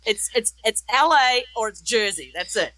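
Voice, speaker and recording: Lively New Zealand-accented woman guest, bright and animated. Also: fairly high pitch, moderate pace, no room sound. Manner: lively storyteller, acts out quotes. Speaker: guest author. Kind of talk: casual interview chat.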